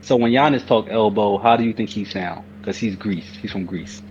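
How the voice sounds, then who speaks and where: A man's voice: fairly low pitch, normal speed, darkish tone. A man co-hosts a laid-back podcast and speaks informally, with loose grammar. His mic sounds a bit dull and lo-fi, with a faint hiss underneath. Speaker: podcast co-host. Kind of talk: casual chat.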